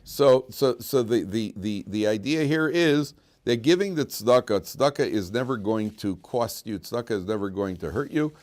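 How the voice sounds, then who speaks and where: A man's voice: mid-range voice, animated, normal speed, few pauses, darkish tone. A man teaching a class as a rabbi, repeating his key lines for emphasis and telling stories. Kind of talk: classroom lecture. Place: classroom with students.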